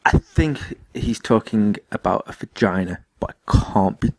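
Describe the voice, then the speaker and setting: A man's voice: lowish voice, lively intonation, normal speed, vocal fry, no echo. A young man co-hosting a podcast, rambling cheerfully and laughing easily in casual chat. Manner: giggly, rambling, enthusiastic. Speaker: podcast co-host.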